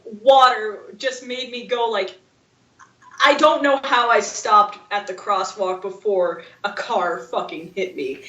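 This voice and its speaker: A woman co-hosting a casual podcast, with a somewhat high voice. She talks in a laid-back way and swears casually. She sits away from the mic, so the room echoes around her. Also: fairly bright tone, far from the mic. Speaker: podcast co-host. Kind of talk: casual chat.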